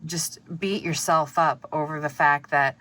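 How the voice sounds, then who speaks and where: A woman giving an intuitive tarot reading to camera, earnest and soft-spoken, with many pauses and fillers. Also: sits low, steady tone. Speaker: tarot reader.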